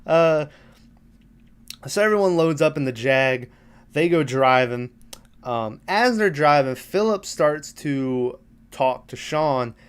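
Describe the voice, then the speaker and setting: This is a man with a smooth, clear voice at a middle pitch. He retells a film scene by scene in an easygoing, rambling way, dropping profanity and small laughs. He sounds like a relaxed podcast host chatting rather than reading. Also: slow pace. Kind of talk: casual movie recap.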